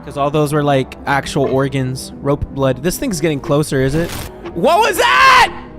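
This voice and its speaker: A man's voice: mid-range voice, steady tone, normal speed, music in the background. A young man live-streaming a horror game, thinking aloud and joking as he works through puzzles. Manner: talks to himself while puzzling things out, joking. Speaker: gaming streamer. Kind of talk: casual live game commentary.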